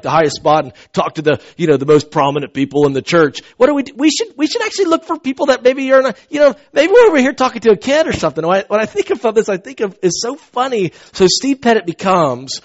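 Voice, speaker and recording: A man preaching a sermon, telling personal stories with animated swings from loud to hushed. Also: sits high, highs cut off.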